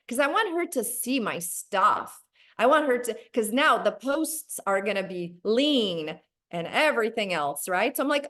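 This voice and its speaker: A woman giving a motivational sales training on a video call, animated and acting out conversations in a bright higher voice. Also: moderate pace. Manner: animated, acts out dialogue in a bright high voice.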